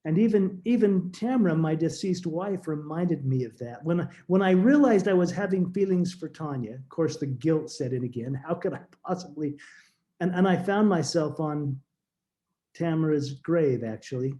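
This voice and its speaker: A middle-aged man telling a deeply personal story as a podcast guest, earnest and halting, often restarting his words. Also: mellow.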